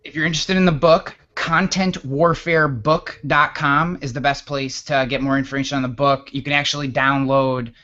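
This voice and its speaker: A man in his thirties from upstate New York, telling a story as a guest in a casual interview, animated and often restarting his words. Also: mid-range voice, normal speed, few pauses, muffled recording. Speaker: guest author.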